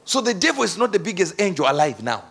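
A male preacher delivering a dramatic storytelling sermon that builds up to shouted declarations. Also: high voice, big pitch swings, fast, creaky, husky.

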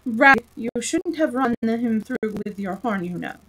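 A timid, quavering old king, as a woman reader puts him on. His voice sits high and lifts well above her own as he frets. He is a fussy little monarch from a read-aloud storybook. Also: animated, a little slow, a bit bright, low-quality recording. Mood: fretful. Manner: nervous, quavering.

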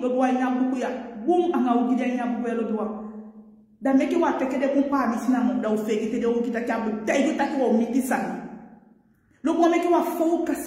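A woman with a Surinamese accent, preaching an impassioned sermon with rhythmic repetition and bursts of shouting. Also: high voice. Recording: very echoey hall.

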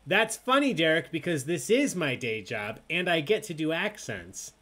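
A man's voice: fairly high pitch, big pitch swings, normal speed, a bit bright. A man hosting an online trivia night, reading questions and joking with the players in a casual, chatty way. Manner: joking, chatty, drinking as he hosts. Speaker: trivia host.

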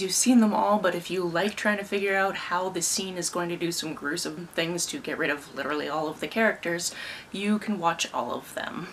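A woman's voice: fairly low pitch, creaky, slight background noise. A young woman from Canada casually recapping movies and books, with wry asides. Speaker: book and film vlogger.

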